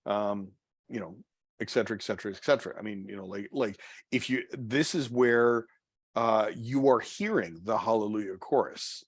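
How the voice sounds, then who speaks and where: In a church meeting room, a man leads an unscripted Bible study, full of fillers, restarts and trailing phrases. His voice is on the low side at a moderate pace, with no room sound.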